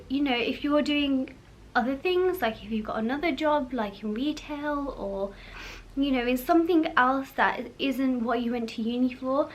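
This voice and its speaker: A young woman chatting casually to camera as a vlog host, full of fillers and quick laughs. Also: high voice.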